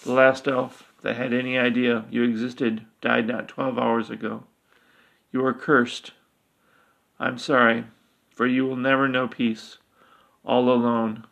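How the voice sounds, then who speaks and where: A man's voice: mid-range voice, flat delivery, unhurried, vocal fry, fairly bright tone. A man voicing a desperate, secretive female elf who speaks urgently and confidingly.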